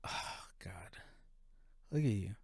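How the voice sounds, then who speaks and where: A man's voice: lowish voice, lively intonation, takes it slowly, a little mellow, slightly rough, no room sound, studio quality, heavily acted. A man voicing a furious, scornful woman who hurls profane insults at her partner.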